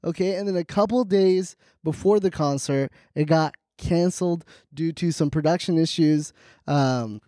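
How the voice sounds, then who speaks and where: A man co-hosting a comedy podcast, joking and animated, laughing often. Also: a little high, normal speed, dry recording, clean studio sound. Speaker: podcast co-host. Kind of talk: casual comedic chat.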